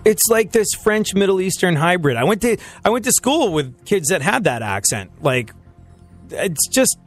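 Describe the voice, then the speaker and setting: A male radio host raised between England and America, mostly England, riffing sarcastically in casual studio banter. He swings from playful highs to dry, low asides. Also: sing-song, normal speed, faint music behind. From England and America, mainly England.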